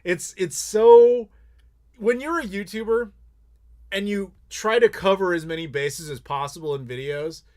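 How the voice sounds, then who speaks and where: Male streamer, higher-pitched, blunt, animated storyteller who swears casually. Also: normal speed. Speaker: YouTuber host. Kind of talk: casual live Q&A chat.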